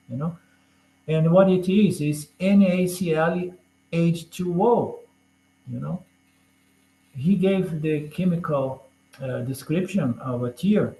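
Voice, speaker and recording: A man's voice: fairly high pitch, takes it slowly, warm tone. A man teaching a scripture class in a conversational lecture style. He tosses in "you know?" and light jokes as he explains. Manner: chatty, peppers points with "you know?" and jokes. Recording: roomy echoey room.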